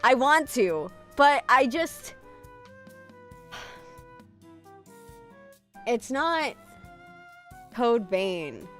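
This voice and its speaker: A woman VTuber chatting with her stream audience, her pitch leaping around animatedly as she talks. She is casual, profane and self-mocking, reading and answering chat as she goes. Soft music plays faintly behind her.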